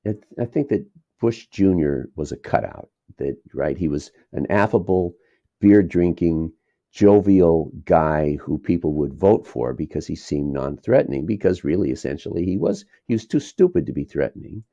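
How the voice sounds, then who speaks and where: A low, gravelly man with a warm, dark tone talks in a lively, rambling way and drifts from point to point. His voice rises and falls a lot as he chuckles between thoughts. The recording is dull and lo-fi with a dry sound. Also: normal speed, no room sound. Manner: rambling, digressive, chuckles while talking. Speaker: documentary filmmaker, guest. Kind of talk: casual interview talk.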